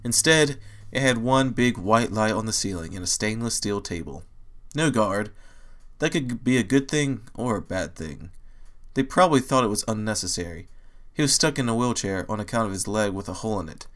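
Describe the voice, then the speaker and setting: A man reading fan fiction aloud as a narrator, in steady storytelling. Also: fairly low pitch, normal speed. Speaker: audiobook reader.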